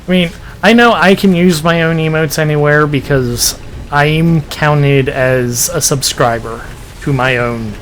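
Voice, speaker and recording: A man's voice: a little high, a little slow, fairly bright tone, slight background noise. A man chatting casually while streaming a video game, thinking aloud and restarting sentences. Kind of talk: casual gameplay commentary.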